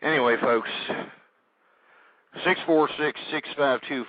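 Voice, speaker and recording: A man hosting a call-in internet radio show, ranting vulgarly and shouting with passion. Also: medium pitch, measured pace, no echo, narrow, tinny audio. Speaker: radio talk show host.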